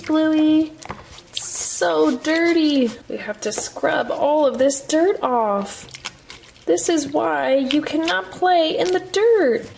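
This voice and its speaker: A woman narrates toy pretend play in a gentle, motherly tone, slowly explaining each step. Her voice sits high and moves in lively rises and falls. A faint noise sits under the recording. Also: creaky.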